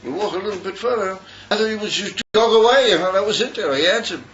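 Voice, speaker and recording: A man's voice: sits high, fast talker, a bit bright. An older man from Australia, telling a meandering story at a yeshiva gathering and mixing in Yiddish words. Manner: meandering, repeats and restarts, mixes in Yiddish words. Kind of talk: rambling storytelling talk. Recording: dull, noisy recording.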